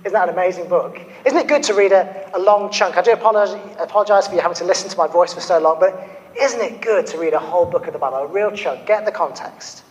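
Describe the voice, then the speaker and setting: A man preaching a sermon, his voice sitting high for a man. He talks earnestly and keeps turning questions back on his listeners. A long reverb hangs behind him, as in a church hall. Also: fast talker.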